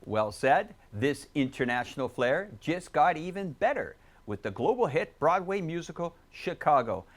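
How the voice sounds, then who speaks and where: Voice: mid-range voice, moderate pace, few pauses. A show host asking a guest questions and narrating a cultural segment in a polished presenter style. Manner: lively, polished presenter delivery.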